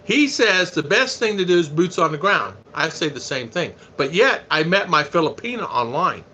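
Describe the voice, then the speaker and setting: Bright-voiced chatty American man. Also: fairly high pitch, sing-song, moderate pace, a little hiss or hum. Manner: chatty, folksy, reads viewer comments aloud. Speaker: live stream host. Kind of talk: casual live stream chat.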